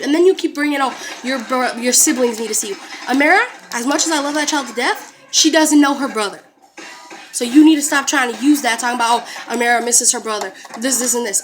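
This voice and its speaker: A woman's voice: high voice, a bit bright. A young woman angrily confronting her in-laws, cursing and sarcastically quoting them. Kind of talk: angry confrontational rant to family.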